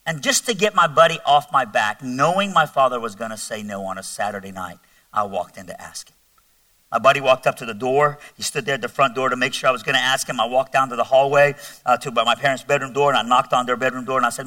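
A man giving his testimony as a guest speaker in a large church, telling his story in an animated, conversational way with self-mocking humor. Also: medium pitch, fast talker, dry recording, recorded from a distance.

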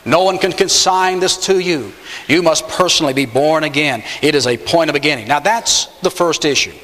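Emphatic preacher in a reverberant hall. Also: male voice, a little fast, a bit bright. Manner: emphatic preaching, swings pitch up on key words. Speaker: pastor. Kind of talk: sermon.

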